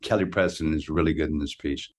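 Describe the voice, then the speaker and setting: A man in his sixties with a very low voice talks as a podcast guest. He tells personal stories with animated energy and tends to repeat words as he starts his sentences. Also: fast talker. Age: 60s. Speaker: guest actor. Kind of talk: casual interview storytelling.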